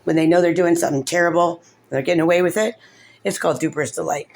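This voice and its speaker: This mother's voice is on the low side and darkish, with fairly even intonation and a quick pace. In emotional vlog commentary about her custody case, she rambles through her complaints, tearful and leaning on fillers.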